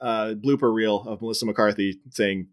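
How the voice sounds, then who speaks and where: A man's voice: lowish voice, fairly even intonation, normal speed. A man in his thirties, a podcast co-host, casually retelling a film's plot scene by scene and laughing along. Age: 30s. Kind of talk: casual chat.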